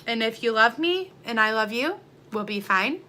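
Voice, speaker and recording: A woman's voice: on the high side, animated, moderate pace, a little hiss or hum. Heated, defiant woman vlogger ranting. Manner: heated, defiant, swinging between quiet and loud. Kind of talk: emotional vlog rant.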